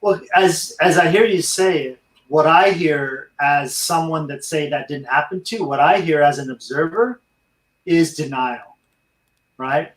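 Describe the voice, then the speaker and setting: A man's voice: fairly high pitch, unhurried, reverberant, rough recording. A middle-aged man, a veteran and dog trainer, telling his life story in an interview and speaking earnestly to listeners. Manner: earnest, addresses listeners as friends.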